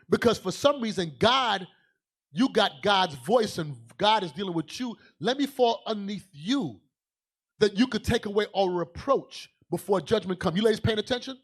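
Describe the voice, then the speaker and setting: A man preaching a fiery sermon as a bishop, emphatic and calling out to the congregation, swinging from low asides to loud declarations. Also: expressive, moderate pace, husky.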